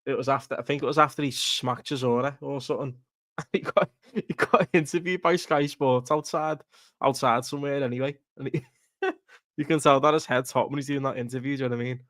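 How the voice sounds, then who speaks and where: A man chats on a live football watchalong stream. He rants bluntly, swears freely and laughs at his own points. His mid-pitched voice sounds dry and close to the mic. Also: fairly even intonation, brisk, fairly bright tone, no room sound. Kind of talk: casual live stream chat.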